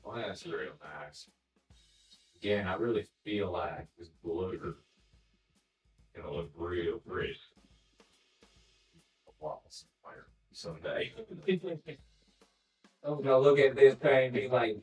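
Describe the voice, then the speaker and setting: Low-voiced man rambling to his chat while painting, slow and loose; roomy, distant mic. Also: lively intonation. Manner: rambling, talks to himself and to chat, swears casually. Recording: roomy sound from a distance, music behind.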